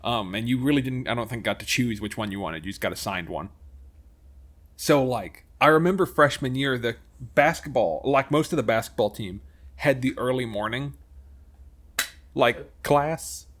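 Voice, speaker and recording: A man's voice: medium pitch, lively intonation, moderate pace, a bit bright. A man in his twenties, a podcast co-host in casual chat, adding wry asides and then telling his own story.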